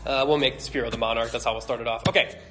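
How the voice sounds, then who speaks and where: A man's voice: mid-range voice, noisy background. A man hosting a live comic panel, joking at his own expense between bits and laughing often. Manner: giggly, self-deprecating, lots of filler. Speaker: panel host.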